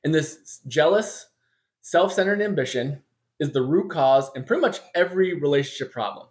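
Young pastor preaching, higher-pitched voice. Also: male voice, animated, moderate pace, a little mellow. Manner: conversational, self-deprecating humor. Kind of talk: sermon.

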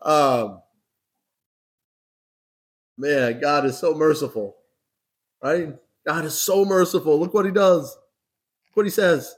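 A man's voice: on the high side, slow, pauses often. A man preaching a sermon as a pastor, talking conversationally, asking rhetorical questions and repeating words for emphasis. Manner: emphatic repetition.

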